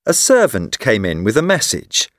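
A man narrating a simple story aloud, reading slowly and with careful clarity. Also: medium pitch, huge pitch swings, a bit bright, no room sound, studio quality. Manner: slow, carefully clear storytelling. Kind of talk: scripted narration of a graded reader story.

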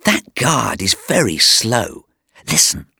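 A man voicing a calm, clever young woman in a lightly raised voice. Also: on the low side, takes it slowly, creaky, slightly rough, dry recording, clean studio sound, full character voice.

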